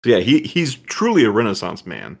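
A man with a very low voice co-hosts a podcast, chatting in a relaxed, easygoing way and agreeing readily with the others. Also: fairly quick, gravelly, slightly rough. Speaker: podcast co-host. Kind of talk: casual chat.

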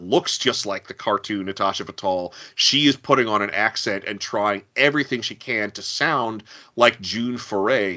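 A man co-hosting a casual podcast chat, telling stories in a lively way. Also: on the low side. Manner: lively anecdotal storyteller. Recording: dull lo-fi recording.

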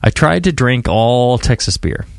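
A man co-hosting a podcast in casual chat, rambling and halting with lots of fillers and restarts. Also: medium pitch, very animated, creaky, no room sound. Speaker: podcast co-host.

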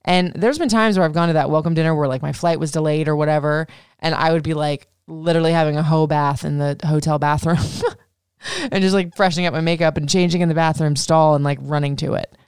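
Woman podcaster rambling and cussing her way thru a story, kinda low gravelly voice, dry close mic. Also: fairly even intonation, a little fast, a little mellow, dry recording. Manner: rambling, profane, heavy use of "like". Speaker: podcast host. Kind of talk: casual personal storytelling.

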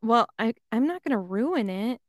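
Laid-back woman co-hosting a podcast, slightly high voice, dry sound. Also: animated, moderate pace, dry recording. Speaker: podcast co-host. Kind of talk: casual comedic chat.

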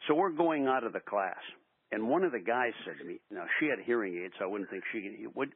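An older man, a basketball coach, tells animated stories in a radio interview, acting out the quotes. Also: on the low side, quick pace, very noisy. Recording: tinny phone-line sound.

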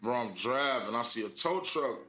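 A man's voice: medium pitch, animated, normal speed, pushed and bright. A man in casual banter with friends, rambling through an anecdote with restarts. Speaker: friend in group chat.

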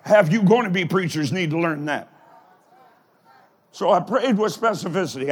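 A pastor preaching a live sermon in a folksy, plain-spoken way, with emphatic bursts of shouting. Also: male voice, high voice, expressive, normal speed, long pauses, a little hiss or hum. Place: large church or college auditorium.

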